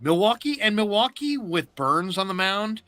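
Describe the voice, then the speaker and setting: Man in a bright, lively sports recap. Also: sits high, normal speed, no room sound. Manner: animated storyteller, acts out quotes. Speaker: sports talk host. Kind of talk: casual postgame recap.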